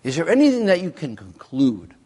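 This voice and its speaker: A man preaching an evening sermon to a congregation, with a slow, emphatic delivery. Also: a little high, huge pitch swings, a little mellow, slightly rough, big-room sound.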